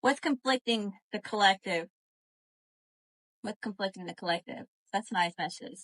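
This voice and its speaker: A woman doing a live tarot reading, animated and profane, calling to her viewers as y'all. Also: medium pitch, moderate pace, pauses often. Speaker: tarot reader.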